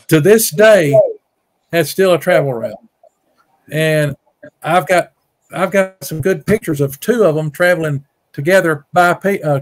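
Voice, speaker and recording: At home on a rural farm, a middle-aged Bigfoot researcher from Mississippi, speaking with a drawl, serves as a guest storyteller and winds through a long story casually. His voice is slightly high for a man, and he repeats words in a folksy way, doubling back often. He raises his voice further to act out other people's lines.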